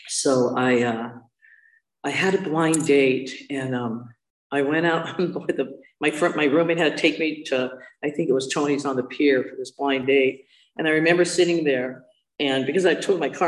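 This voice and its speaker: Woman telling a candid recovery story in a roomy hall. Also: sits low. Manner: candid, self-mocking, animated quoting of others. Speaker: speaker sharing a recovery story. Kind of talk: personal storytelling. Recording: roomy, distant from the mic.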